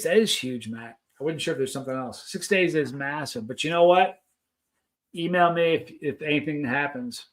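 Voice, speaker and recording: A man's voice: a little high, fairly bright tone. Chatty man hosting a live stream. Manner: rambling, chatty, reads viewer comments aloud. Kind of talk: casual live stream chat.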